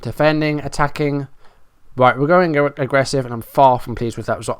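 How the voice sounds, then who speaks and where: A man's voice: mid-range voice, steady tone, fairly quick, clean tone, no echo, studio quality. A man giving running play-by-play commentary on a football management game, frustrated and self-mocking. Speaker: gaming YouTuber.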